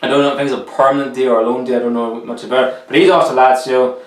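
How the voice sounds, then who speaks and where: A man's voice: medium pitch, fairly even intonation, racing, far from the mic. A young man giving casual, opinionated football transfer commentary in a rambling, chatty way. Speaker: football vlogger. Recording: roomy echo, a little off the mic.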